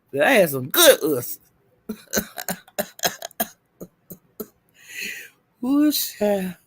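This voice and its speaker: High-voiced gossipy man, drawling slow. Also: a bit bright, no room sound. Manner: gossipy, laughing, exclaiming "child" and "honey". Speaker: livestreamer. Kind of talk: casual livestream gossip storytelling.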